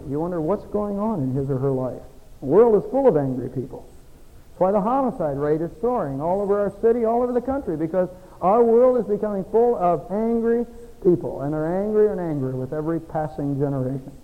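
A middle-aged male pastor preaching a sermon, folksy, swinging between soft, confiding passages and emphatic exhortation. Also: high voice, expressive, a little fast, narrow, tinny audio. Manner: folksy, self-deprecating asides. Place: church sanctuary. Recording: long church reverb.

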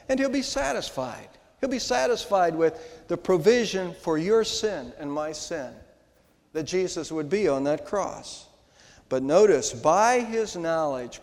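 An older man, a pastor, preaching an Easter sermon in a church, with emphatic rises and slow, stressed words. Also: sits high, darkish tone. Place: church sanctuary. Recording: long hall reverb.

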